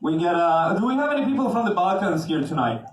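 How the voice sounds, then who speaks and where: A man's voice: high voice, very animated, fast. A young man from Mexico doing a stand-up set as the evening's emcee, chatty and full of fillers, talking with the crowd. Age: young adult. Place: comedy club on stage. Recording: echoey club from a distance, noisy. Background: audience laughter.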